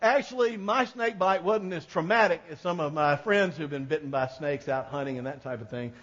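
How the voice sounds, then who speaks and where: Male pastor, high voice, casual storytelling sermon, dull recording with long reverb. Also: brisk, a bit bright. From American South. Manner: folksy storytelling, jokes with congregation.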